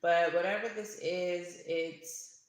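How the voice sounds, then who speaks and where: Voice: mid-range voice, fairly even intonation, takes it slowly. A tarot reader giving a casual reading to camera, chatty, laughing often and swearing now and then. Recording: very echoey room.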